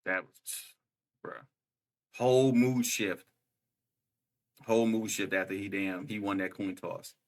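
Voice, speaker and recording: A young man co-hosting a casual podcast chat, excitable and slangy, laughing often and saying "bruh" a lot. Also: fairly low pitch, slow pace, pauses often. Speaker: podcast co-host.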